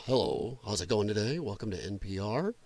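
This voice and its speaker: A man putting on the voice of a stuffy, soft-spoken male public radio host, hushed and prim. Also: fairly low pitch, big pitch swings, brisk, vocal fry, dry recording, pitched below the performer's own voice, heavily acted.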